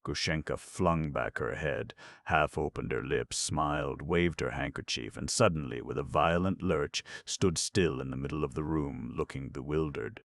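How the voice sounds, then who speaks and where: A man narrating an audiobook in a measured, steady reading. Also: rumbling low, vocal fry, no echo, studio quality. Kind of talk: scripted narration.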